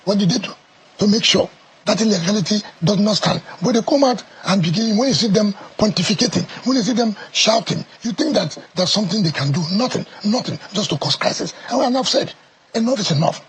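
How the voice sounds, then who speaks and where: A Nigerian politician in a heated TV interview, talking forcefully and repeating his points. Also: high-pitched, animated, fairly quick, slight background noise. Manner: forceful, emphatic, repeats phrases.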